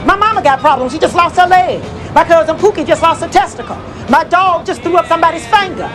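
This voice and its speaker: A shrill ranting loudmouth. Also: male voice, lively intonation, quick pace. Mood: exasperated. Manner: loud exasperated ranting. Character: ranting motel customer, hot-tempered loudmouth. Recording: film scene with music and crowd.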